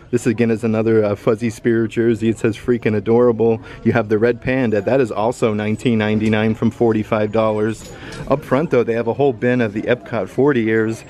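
A man's voice: lowish voice, a little mellow. A man vlogging a casual shopping walkthrough in a store, chatty and upbeat as he reads out prices. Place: indoor retail store.

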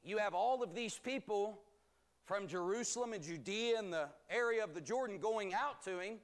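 A man teaching a bible study as pastor, reading scripture aloud and explaining it in a measured, emphatic way. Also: high voice. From United States.

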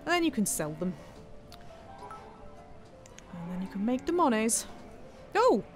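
A woman's voice: mid-range voice, big pitch swings, measured pace, music in the background. Chatty woman streaming a game. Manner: chatty and playful, thanking viewers, talks to herself. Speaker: streamer playing a city-building game. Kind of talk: live-stream gameplay commentary.

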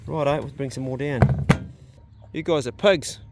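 Heavy background noise surrounds this homestead vlogger, whose mid-range voice is creaky and unhurried. He walks his rural property filming on his phone, chatting easily and addressing his animals as he rambles on.

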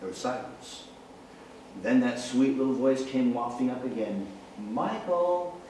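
A man preaching in a lively, joking storytelling manner, moving around the church as he talks. His voice sits at an ordinary pitch and rings through a very echoey sanctuary, picked up from a distance, with a light hiss behind it. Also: moderate pace. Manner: animated, jokey, walks about the room. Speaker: evangelist preacher. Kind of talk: storytelling sermon with humor. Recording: echoey church hall from far off.

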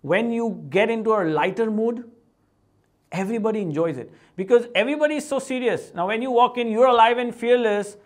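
A man with a high voice and an Indian English accent talks straight to camera in a casual, motivational style. He is middle-aged and animated, and he keeps dropping into quick, playful impressions of the people he describes. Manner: animated, breaks into playful voices of family and colleagues. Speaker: vlog host. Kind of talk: casual motivational vlog talk.

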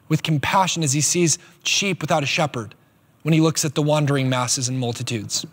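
A man preaching a sermon as pastor, animated and emphatic, with quick asides. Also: fairly high pitch, husky. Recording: long hall reverb.

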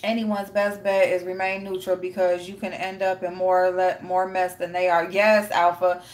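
A woman's voice: on the low side, level tone, normal speed. A woman hosting a casual live stream, reading chat and greeting viewers by name, blunt and profane with frequent laughter.

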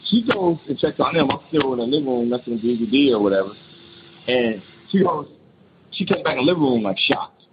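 A man of middle pitch tells a spooky true story over a phone line, circling back and restarting his sentences as he talks. The call sounds muffled, with a clear steady hiss underneath. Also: fairly quick. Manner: rambling, many restarts and repeats; animated when quoting. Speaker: caller. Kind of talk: casual spoken storytelling.

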